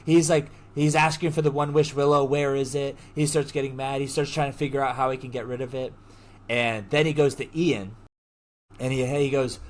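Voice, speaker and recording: A man hosting a podcast, casually retelling a movie plot, acting out the characters' lines in quick bursts and swearing freely. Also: on the high side. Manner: swears casually, heavy use of "like". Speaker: podcast host.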